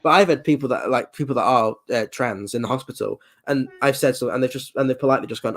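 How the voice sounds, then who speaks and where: A man chatting casually on a stream, animated, swearing freely and acting out quoted voices. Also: medium pitch, fast, hardly any pauses. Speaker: nurse.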